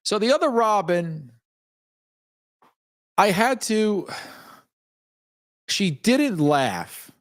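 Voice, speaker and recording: Chatty man with lively pitch. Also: dry recording, clean studio sound. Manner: chatty, greets chat viewers by name, reads comments aloud; frequent laughs and fillers, candid. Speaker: host. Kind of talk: casual live-stream chat.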